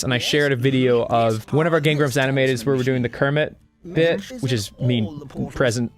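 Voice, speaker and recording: Rambling, halting man from Australia. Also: mid-range voice, faint music behind. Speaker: co-host. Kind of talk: casual chat.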